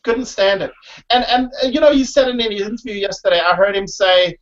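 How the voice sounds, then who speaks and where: This former reality show contestant, a guest in a laid-back interview, talks with emphasis and keeps dropping "listen" and "you know what I mean." He has a high, slightly bright voice with fairly even intonation and a slightly fast pace, captured on a dull lo-fi recording.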